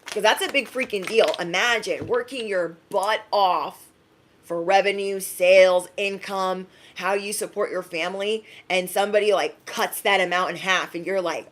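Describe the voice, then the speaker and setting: A woman's voice: mid-range voice, moderate pace. Chatty woman giving a live-stream reading. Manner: chatty, emphatic, laughs often. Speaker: tarot reader.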